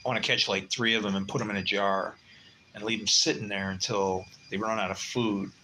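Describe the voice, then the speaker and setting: A man in his sixties talks casually on a livestream, rambling from one story to the next with blunt, swearing asides. His voice sits low but has a hard, bright edge to it. A faint background hum sits under the talk. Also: steady tone, fairly quick, rough recording. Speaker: livestream host.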